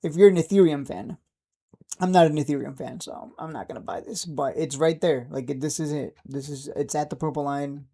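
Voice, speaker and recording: A man's voice: a little high, fairly quick, dark tone. A man in his thirties chatting casually on a livestream, upbeat and laughing often. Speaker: stock trading streamer.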